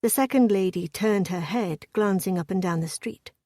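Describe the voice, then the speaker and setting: A woman narrating a historical romance audiobook in a steady, measured storytelling voice. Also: medium pitch, no echo, studio quality.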